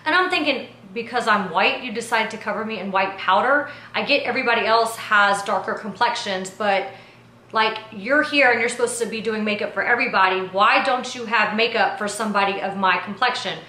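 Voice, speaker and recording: A woman telling a behind-the-scenes story to camera in a casual recap, talking in an animated, indignant way full of slang like "yo" and "like". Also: medium pitch, brisk. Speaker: reality TV personality and producer. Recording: echoey room.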